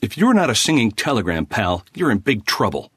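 A man's voice: lowish voice, very animated, fairly quick, fairly bright tone, husky, dry recording, studio quality, heavily acted. A man voicing a young office writer who talks in a sarcastic, bitter way.

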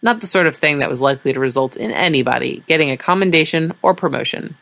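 A woman's voice: deep voice, animated, fast, gravelly, fairly bright tone. A woman narrating a science fiction story in a dry, wry storytelling manner.

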